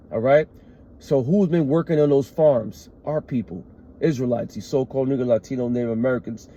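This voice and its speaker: A man's voice: mid-range voice, dark tone, lo-fi sound. A man teaching scripture in an emphatic way. He reads verses aloud, then explains them, often adding "all right" and "man". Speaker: street preacher.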